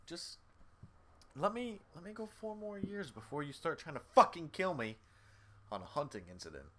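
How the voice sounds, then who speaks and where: A man's voice: a little high, sing-song, normal speed, a bit bright, slight background noise. A man streaming a game live, commenting casually, swearing freely and reading the on-screen text aloud. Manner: swears freely and talks straight to viewers. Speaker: gaming streamer.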